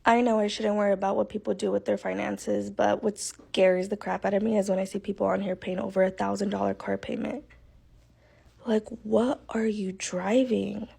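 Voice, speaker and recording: A woman's voice: medium pitch, flat delivery, quick pace, gravelly, few pauses, darkish tone, breathy edge. A woman speaking frankly and with exasperation about spending, in an opinionated social media monologue.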